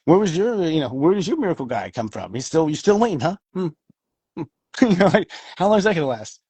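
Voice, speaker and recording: Male astrology co-host, casual and profane, lively swooping delivery, slightly husky. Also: a little high, quick pace, no echo. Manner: animated, swears freely, acts out quoted voices. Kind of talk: casual chat.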